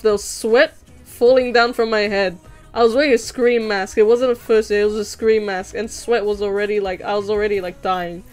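A young woman, chatting and giggling with her chat at home while she draws. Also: mid-range voice. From Australia. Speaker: livestreamer. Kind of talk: casual livestream chat while drawing. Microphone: desk mic. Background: faint music playing.

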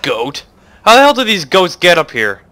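A young man giving jokey let's-play commentary who talks to the characters on screen and bursts into sudden yells. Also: high voice, wildly swooping pitch, moderate pace, no room sound. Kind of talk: gameplay commentary.

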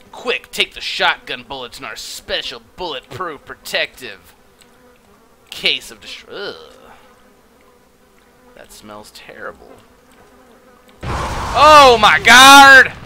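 Bright, excitable gaming streamer man. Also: medium pitch, slight background noise. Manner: excitable, profane, jokey. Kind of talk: casual gameplay commentary.

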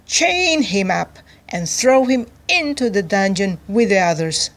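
A woman voicing a cruel, greedy, fat cabbage king in a children's storybook, loud and commanding. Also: mid-range voice, lively intonation, measured pace. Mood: boastful.

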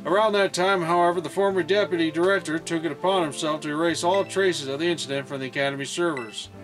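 A man's voice: on the high side, fairly even intonation, fast, music in the background, lightly acted. A man reading as a formal old school director. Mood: earnest. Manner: reading dialogue aloud, stumbling over words.

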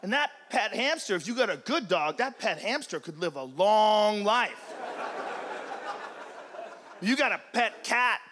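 A man performing a stand-up routine on stage, loud and profane, acting out the animals in his bits. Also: sits high, very animated, a little slow, pauses often, background noise. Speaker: stand-up comedian. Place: comedy stage before a large audience. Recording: live show with loud crowd. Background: loud audience laughter.

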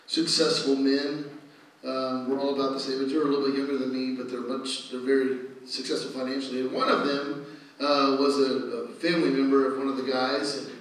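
A middle-aged man preaching a sermon as pastor, telling stories with animated energy that rises to loud exclamations. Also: medium pitch. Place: church sanctuary. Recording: echoey church from a distance.

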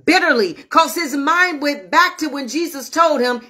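Woman preacher, high bright voice, repeats stuff for emphasis, talks right to the viewers. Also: measured pace, few pauses. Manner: emphatic, repetitive preaching, addresses viewers directly. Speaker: minister and host of an online prayer show. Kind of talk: online sermon.

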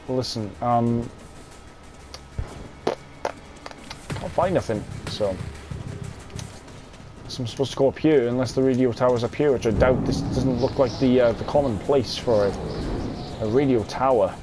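Brief: young man, gamer, mid pitch, grumbling and cursing, game music clear behind. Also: steady tone, moderate pace. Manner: irritable, swearing, muttering to himself. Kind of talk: gameplay commentary.

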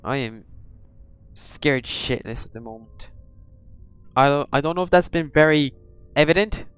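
A man's voice: a little high, a little slow, clear, resonant tone, no room sound, faint music behind. A man hosting a horror game let's-play, jumpy and swearing, chatting to the characters on screen. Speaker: gaming channel host.

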